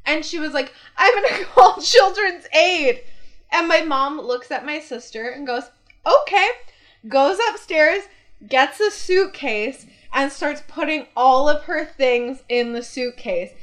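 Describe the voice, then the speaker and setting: A woman's voice: high voice, measured pace. A young woman telling family stories in casual chat, laughing often and acting out the quotes. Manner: animated storyteller, laughs often, acts out quotes.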